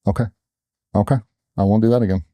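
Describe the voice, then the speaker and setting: A middle-aged man with a very dark, mellow voice tells blunt war stories and acts out the quotes. His speech is a little low in pitch and sounds close and dry, with no room around it. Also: steady tone, quick pace, no room sound. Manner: blunt, profane storytelling with acted-out quotes. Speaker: guest, former special operations sailor. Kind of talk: storytelling in a casual interview.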